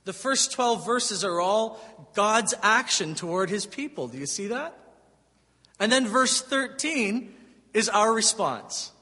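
A man's voice: high voice, animated, takes it slowly, bright, forceful tone. A man preaching a sermon as pastor, emphatic and conversational, asking the congregation rhetorical questions. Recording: long hall reverb.

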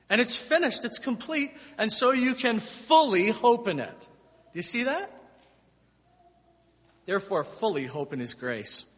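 With a fairly high pitch and a fairly bright tone, a pastor delivers an emphatic, conversational sermon, asking his congregation rhetorical questions. Long hall reverb surrounds his voice.

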